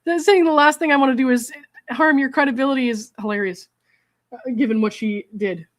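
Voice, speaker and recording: A woman's voice: on the high side, fairly quick. A woman hosting a commentary channel, reading text messages aloud and breaking in with indignant, exasperated remarks.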